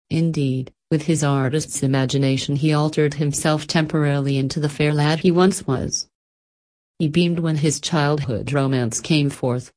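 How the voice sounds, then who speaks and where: A woman narrating a storybook in a gentle, measured way. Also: low-pitched, fairly even intonation.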